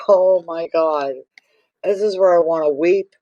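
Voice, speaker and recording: A man's voice: fairly high pitch, slow, a little mellow, no room sound, lo-fi sound. Gushing man reading tarot cards. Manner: effusive, exclaims and gushes over cards. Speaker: tarot reader. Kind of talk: casual tarot reading vlog.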